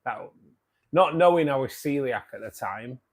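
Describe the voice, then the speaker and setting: A man's voice: mid-range voice, expressive, normal speed. A British man hosting a live stream, chatting in a matey, casual way, swearing now and then and often chuckling. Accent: British English. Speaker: live-stream host reading viewer comments.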